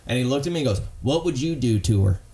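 A man's voice: medium pitch, animated, fast, warm tone. A man telling a rowdy story on a podcast, swearing, rambling and laughing through it. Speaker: guest comedian telling a story.

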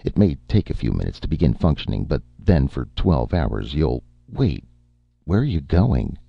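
A befuddled, tipsy robot in an audiobook, with slow, thick, slurring speech, as a male narrator puts it on. The voice sits very low and gravelly, on a dull, muffled recording. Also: big pitch swings, dry recording, exaggerated voice. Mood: muddled.

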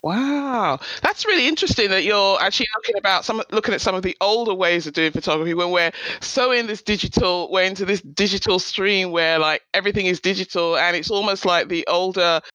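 A man with a high, bright voice hosts an interview. He is recorded close and dry. He responds to his guest with enthusiasm and frequent compliments. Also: brisk, hardly any pauses, dry recording, rough recording. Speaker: podcast host. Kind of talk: interview conversation.

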